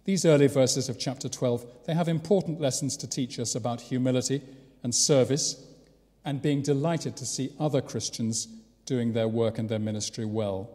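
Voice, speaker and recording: A man's voice: medium pitch, normal speed, mellow. English male preacher, chatty sermon delivery, wry asides, long church reverb. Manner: conversational with rhetorical questions and wry asides. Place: large church.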